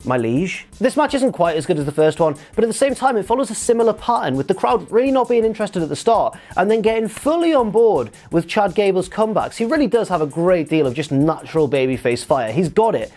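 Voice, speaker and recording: A man's voice: sits high, lively intonation, quick pace, few pauses, darkish tone, soft background music. A man giving a casual, chatty review, with wry and sarcastic asides. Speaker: wrestling show reviewer.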